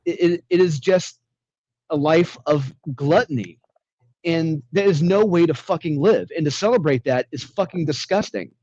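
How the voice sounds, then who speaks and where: A man's voice: on the high side, normal speed, mellow, no echo. A man co-hosting a casual comic review chat, ranting with profane indignation, recorded on a muffled lo-fi microphone.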